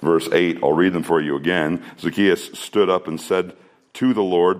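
A man's voice: low-pitched, expressive, moderate pace. A man preaching a sermon in an earnest voice, asking rhetorical questions and shifting his pace. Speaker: pastor.

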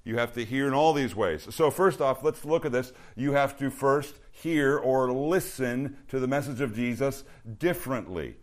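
Man, youth pastor, sermon, earnest, emphatic, repeats phrases, mid-pitched voice. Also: expressive, moderate pace, few pauses. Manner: earnest, repetitive emphasis with restarts.

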